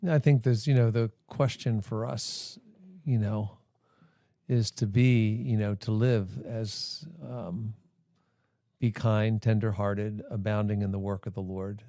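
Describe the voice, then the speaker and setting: A man's voice: fairly low pitch, fairly even intonation, takes it slowly, dark tone, dry recording, clean studio sound. A man hosting a church podcast, talking in a casual, rambling way full of fillers. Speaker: podcast host.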